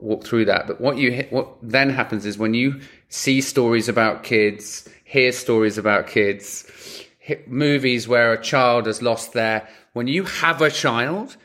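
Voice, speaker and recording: A man co-hosting a podcast in casual chat, animated and emotional, swearing freely. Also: medium pitch. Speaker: podcast co-host.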